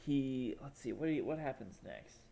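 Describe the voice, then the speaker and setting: A man's voice: medium pitch, expressive, normal speed, vocal fry, warm tone. A young man co-hosting a podcast, telling a long story in casual chat, rambling with lots of fillers and acted-out quotes. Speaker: podcast co-host.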